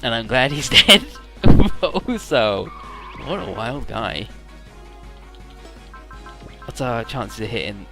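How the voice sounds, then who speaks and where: A man's voice: mid-range voice, animated, slow pace, long pauses, bright, forceful tone, faint music behind. A man giving casual let's-play commentary, rambling through retellings with swearing.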